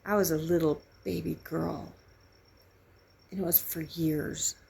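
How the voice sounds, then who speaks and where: A middle-aged woman speaks in a low, gravelly voice with a husky edge. Her candid personal testimony comes out halting and full of grief. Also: fairly even intonation, a little mellow. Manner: halting, grieving, emotionally raw. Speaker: vlogger sharing a personal story.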